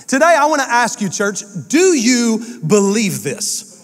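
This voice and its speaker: A man, a pastor delivering an animated, emphatic sermon with quick asides. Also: very high voice, long reverb tail. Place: church sanctuary.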